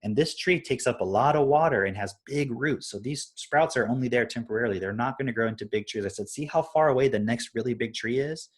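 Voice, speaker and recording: A young adult man with a slightly husky voice talks casually on a live stream. He explains things through everyday stories, often pausing to ask "right?". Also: mid-range voice. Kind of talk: casual parenting talk.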